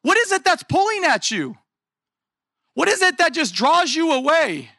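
A man preaching a sermon in an animated, conversational way, full of rhetorical questions. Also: extremely high pitch, moderate pace, no room sound, clean studio sound. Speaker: pastor.

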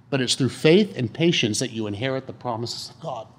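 Speaking quickly and barely pausing, a man with a slightly high voice preaches in a church hall. His sermon is animated and conversational, with frequent questions directed at the congregation.

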